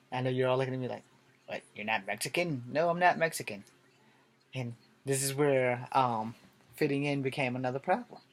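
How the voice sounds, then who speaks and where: A man's voice: medium pitch, a bit bright, a little hiss or hum. A man telling a personal story to the camera in a candid, rambling way, swearing freely as he goes. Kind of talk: casual storytelling monologue.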